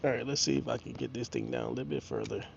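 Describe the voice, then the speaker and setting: Hoarse man fishing live. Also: a bass voice, racing, slight background noise. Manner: excitable, talks to viewers and fish. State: hoarse from a cold. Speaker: fishing livestream host. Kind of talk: casual live-stream chat. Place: outdoors on a lake. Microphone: camera mic on the body. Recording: muffled lo-fi outdoor stream.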